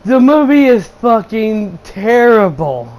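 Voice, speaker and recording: A man's voice: high voice, very animated, slow, a little mellow, rough recording. A young man hosting a video game channel, ranting through a blunt, profane, exasperated movie review.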